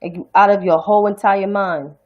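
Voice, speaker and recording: A woman's voice: medium pitch, fairly even intonation, brisk, muffled recording. A woman from Harlem with a New York accent, hosting a casual livestream commentary show. She rants bluntly and profanely. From New York City (Harlem). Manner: blunt, profane, indignant ranting.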